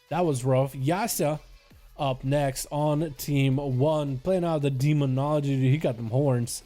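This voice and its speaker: A man's voice: a little high, soft background music. A man whose first language is Russian, giving live play-by-play commentary on game matches and calling the action as it unfolds. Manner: rapid play-by-play, rising to excited calls. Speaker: streamer and PvP commentator.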